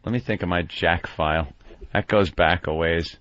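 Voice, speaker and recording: A man's voice: low-pitched, moderate pace, a bit bright, no room sound. A male radio host joins in crude banter and fires teasing questions at his guest. His voice is dry and close, with a dull, muffled broadcast tone.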